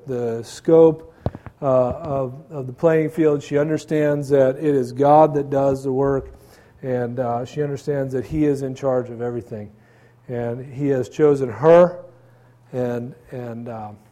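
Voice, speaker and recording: Pastor guy preaching, kinda high but warm mellow voice, chatty with lots of ums. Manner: conversational, earnest, with frequent fillers. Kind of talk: sermon.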